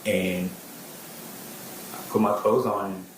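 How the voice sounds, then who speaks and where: Halting low-voiced man testifying. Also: fairly even intonation, reverberant, slight background noise, poor audio. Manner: halting, repeats words, many fillers like "like" and "um". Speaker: witness testifying in court. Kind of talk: plain spoken testimony.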